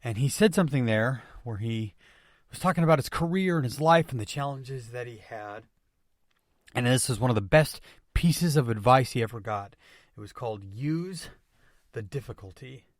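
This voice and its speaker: A man hosting a motivational podcast, speaking with energetic emphasis and returning to catchphrases again and again. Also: mid-range voice, normal speed, no room sound, studio quality. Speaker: podcast host.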